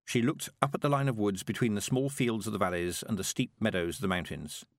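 A man reading a storybook aloud with expressive narration. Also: lowish voice, fairly quick, no echo, studio quality. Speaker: audiobook narrator. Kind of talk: scripted narration.

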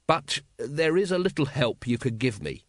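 A man voicing a weary, dogged male watch captain with flat, wooden official replies in an audiobook. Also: medium pitch, moderate pace, no room sound, clean studio sound. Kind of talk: audiobook character voice.

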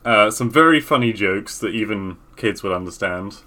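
Bright-voiced man chatting. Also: lowish voice, animated, moderate pace. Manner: loose, swears casually, trails off mid-sentence. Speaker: podcast co-host. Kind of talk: casual chat.

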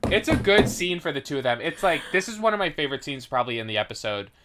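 A man's voice: on the high side, very animated, fast, background noise. A man co-hosting a podcast in casual chat, rambling, with lots of "like" and restarts. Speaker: podcast co-host.

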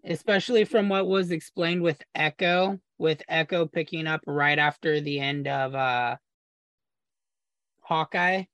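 A man's voice: a little high, steady tone, measured pace, a bit bright, no room sound. A man co-hosting a podcast, explaining eagerly at length in casual chat and sometimes stumbling over his words. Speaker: podcast co-host.

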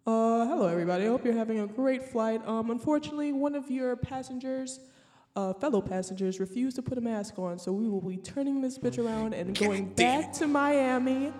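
A woman's voice: on the high side, brisk, darkish tone, close to an everyday voice. A woman putting on a mock-formal airline pilot announcement, full of crude jokes.

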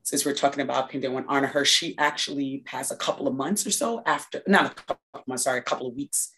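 Reflective woman guest, halting speech. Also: rumbling low, a bit bright. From New York. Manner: reflective, many restarts and fillers. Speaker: interview guest. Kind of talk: casual interview conversation.

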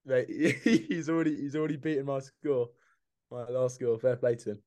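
A podcast co-host acting as quizmaster reads out questions and teases, laughing often, in casual banter. His voice is medium-pitched and darkish, at a normal pace.

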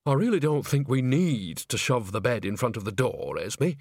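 A man voicing a cheeky, earthy old woman witch in a storybook reading, talking brightly and bawdily. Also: medium pitch, very animated, normal speed, creaky, dry recording, clean studio sound. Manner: chirpy, bawdy.

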